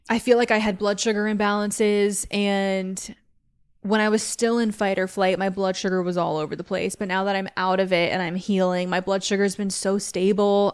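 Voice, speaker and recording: Young female podcast host, candid and chatty, mid-pitched, casual solo talk. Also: clear, resonant tone. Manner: candid and chatty, heavy use of "like".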